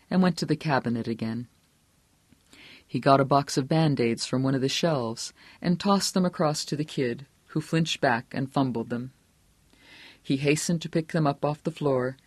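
A man reading a novel aloud as audiobook narrator, steady and measured. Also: mid-range voice, no echo. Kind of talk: scripted narration.

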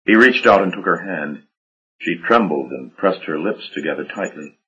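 A man narrating an audiobook in a measured, dramatic storytelling manner. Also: low-pitched, lively intonation, pushed and bright, husky. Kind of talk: scripted narration. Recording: dull lo-fi audio.

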